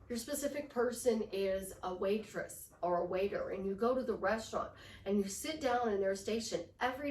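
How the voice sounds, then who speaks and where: A woman life coach giving casual relationship advice in an animated way, often slipping into little role-play voices. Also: fairly high pitch, reverberant, distant mic.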